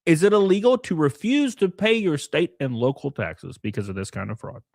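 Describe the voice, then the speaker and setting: A man's voice: fairly high pitch, moderate pace, creaky, no room sound, clean studio sound. A man hosting a live stream, ranting with lots of swearing and reading out viewer chat messages. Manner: profane, animated ranting; reads viewer chat aloud.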